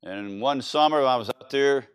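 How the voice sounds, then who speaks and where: A Louisiana man preaching in a church, lively and conversational. He keeps firing questions at the congregation and swings between loud and quiet stretches. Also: mid-range voice, moderate pace, clean tone. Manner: animated, quizzing the congregation. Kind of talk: sermon.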